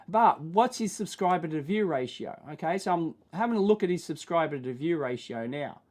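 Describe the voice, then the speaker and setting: A man with an Australian accent and a nasal, whiny voice, hosting a casual livestream chat, rambling and self-deprecating, often tagging sentences with "right?" and clearing his throat. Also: on the high side, expressive, normal speed, a little mellow. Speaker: livestream host.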